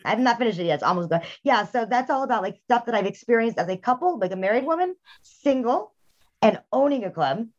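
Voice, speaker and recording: A woman hosting a podcast, telling frank, animated stories in casual chat with bursts of laughter. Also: a little high, quick pace. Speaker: podcast host. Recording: dull lo-fi sound.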